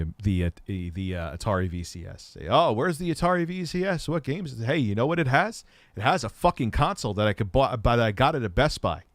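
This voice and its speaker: This middle-aged man hosts tech commentary in a sarcastic, heavily profane rant that veers from muttering to shouting. His voice sits on the low side, recorded without echo.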